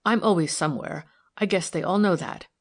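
A proud, loyal old housemaid with a blunt tongue and plain servant's speech, fiercely protective of her mistress , as a woman reading the book puts her on. Her voice sits low and even in an audiobook. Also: a little fast, husky. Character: stout loyal older housemaid, proud, resentful.

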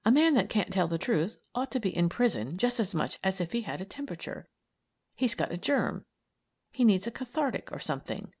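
A woman's voice: medium pitch, very animated, a little fast, darkish tone, husky. A woman reading aloud and voicing an earnest, idealistic young woman who argues eagerly and persuasively.

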